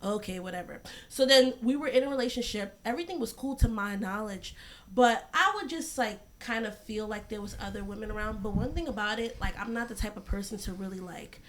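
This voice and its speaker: A woman's voice: mid-range voice, brisk. A young woman co-hosting a podcast, telling a story in a chatty way full of "like" and "right?". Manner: chatty, many "like" and "right?" fillers. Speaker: podcast co-host. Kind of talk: casual storytelling.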